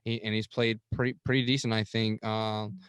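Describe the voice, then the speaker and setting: A man's voice: lowish voice, level tone, moderate pace, fairly bright tone, smooth, dry recording, studio quality. A man co-hosting a casual sports podcast, reading off statistics with lots of ums and uhs. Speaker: podcast co-host.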